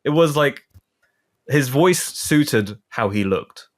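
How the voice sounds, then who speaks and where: A man's voice: mid-range voice, animated, takes it slowly. A man co-hosting a podcast, chatting casually and playfully, with the odd joke voice. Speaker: podcast co-host. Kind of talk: casual chat.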